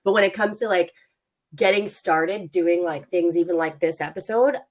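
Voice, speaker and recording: Woman, podcast co-host, casual chat, low-pitched, frequent laughter. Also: normal speed, darkish tone. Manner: chatty, laughs often, many fillers.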